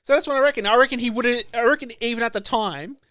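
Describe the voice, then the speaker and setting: Young aussie guy rambling on a podcast, high voice, swears a lot. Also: fast, bright, forceful tone, no echo, clean studio sound. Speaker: podcast co-host. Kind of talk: casual chat.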